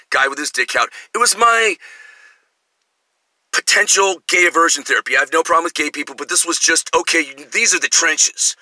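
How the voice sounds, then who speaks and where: A man's voice: a little high, moderate pace, no room sound, low-quality recording. A middle-aged man telling rambling personal stories as a vlogger, jumping between tangents and acting out quotes. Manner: animated, jumps between tangents, acts out quotes. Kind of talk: rambling personal storytelling monologue.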